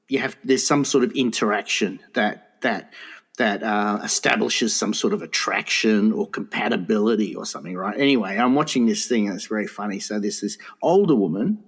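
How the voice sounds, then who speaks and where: An older man co-hosting a comedy podcast, telling crude, rambling anecdotes full of swearing. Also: medium pitch. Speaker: podcast co-host. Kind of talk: casual comedy podcast storytelling.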